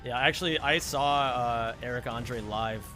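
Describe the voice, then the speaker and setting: A man's voice: mid-range voice, measured pace, pushed and bright, soft background music. A young man speedrunning a game, rambling through a funny story with frequent laughs and casual swearing. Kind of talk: casual chat while gaming.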